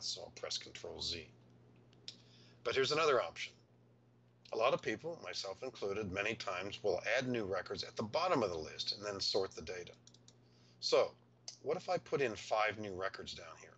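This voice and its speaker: Male software tutor, lowish crisp voice, walks through steps patiently, slightly muffled recording. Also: a little hiss or hum. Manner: patient step-by-step explaining, thinking aloud. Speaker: software instructor.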